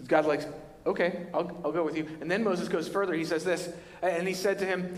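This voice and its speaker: Animated preacher in a reverberant church. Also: male voice, high voice, fairly quick. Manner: animated storytelling, voicing Moses and God in casual paraphrase. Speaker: pastor. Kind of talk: sermon. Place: large church hall.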